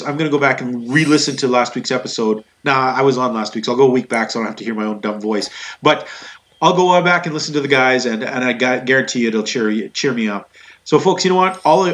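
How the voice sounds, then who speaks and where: A man hosting a wrestling podcast, chatting casually and ranting with jokes. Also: medium pitch. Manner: animated, ranting, joking. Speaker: podcast host.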